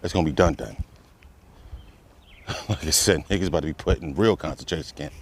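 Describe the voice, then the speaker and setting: A man's voice: a bass voice, fairly quick, slight background noise. A man delivering an impassioned monologue, preaching with repeated rhetorical questions that climb to emphatic peaks. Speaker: commentator.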